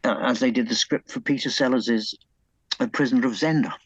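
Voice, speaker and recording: A man's voice: medium pitch, brisk, slightly rough, muffled recording. A man being interviewed about his book, hesitant and full of fillers and restarts, enthusing about old films. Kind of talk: conversational interview.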